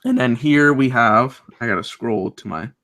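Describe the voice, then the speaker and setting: A young man talks sports on a video call, upbeat and chatty as he works through his picks. His voice is bright and forceful, sitting at an ordinary pitch for a man. He restarts his sentences now and then and keeps the tone easygoing. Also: moderate pace. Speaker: co-host making bracket picks. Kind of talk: casual sports chat.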